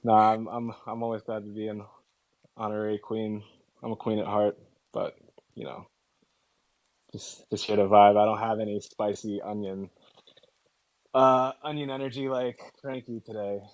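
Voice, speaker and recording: Relaxed male co-host, low voice, easygoing drawl, casual chat. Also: moderate pace, long pauses, poor audio. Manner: laid-back, easygoing drawl. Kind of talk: casual chat on a live audio space.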